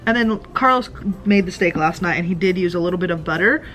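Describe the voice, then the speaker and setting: A woman's voice: on the low side, fast talker, fairly bright tone, faint music behind. A woman vlogging casually about her meals, chatty and rambling with lots of filler words. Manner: chatty, rambling with many ums. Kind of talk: casual food diary vlog. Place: home.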